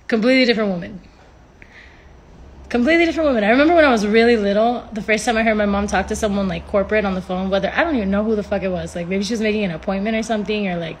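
A woman's voice: mid-range voice, slight background noise. Rambling, foul-mouthed woman livestreaming. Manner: rambling, profane, laughs often. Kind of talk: casual livestream chat. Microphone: phone livestream.

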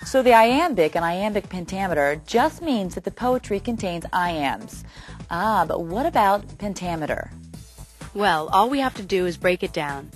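A woman's voice: medium pitch, animated, moderate pace, soft background music. A woman giving scripted educational narration, breaking ideas down step by step.

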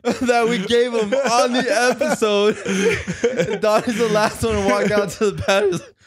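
A man's voice: sits high, steady tone, measured pace, crowd noise. A man co-hosting a casual podcast chat, teasing his friends and laughing often. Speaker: podcast co-host.

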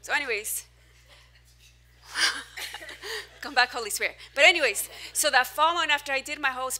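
Lively high-voiced woman preaching. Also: moderate pace, long pauses. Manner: animated, self-mocking, with sudden loud and soft swings. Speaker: pastor. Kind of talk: sermon. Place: church hall, preaching to a small crowd.

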